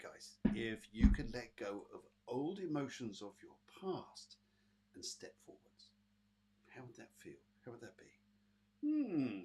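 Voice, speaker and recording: The speaker is a British man, a psychic medium hosting a live online show, with a medium-pitched voice and a breathy edge. His British English delivery is chatty and loose, with many fillers as he addresses viewers by name and gives readings.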